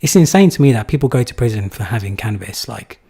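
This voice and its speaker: A man's voice: lowish voice, animated, fast talker, gravelly, dark tone, husky. A man hosting a live question-and-answer stream, talking in a loose, rambling, casual way with fillers and restarts.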